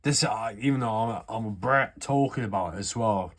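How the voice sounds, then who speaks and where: Speaking at normal speed with a lowish voice, a British airsoft hobbyist walks viewers through fixing a gun. It's an offhand, rambling, sweary how-to chat.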